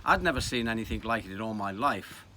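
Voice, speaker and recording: A man in his seventies with a Liverpool accent, telling reminiscences in a wry, animated way. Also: on the low side, fast talker. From Liverpool, England. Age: 70s. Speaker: storyteller. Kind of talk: reminiscing narration.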